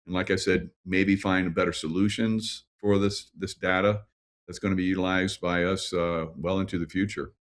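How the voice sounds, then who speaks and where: A man with a very low voice speaking as a guest on a panel. He talks in a measured, hesitant way, pausing on fillers as he works through his point. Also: fairly even intonation. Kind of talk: casual panel discussion.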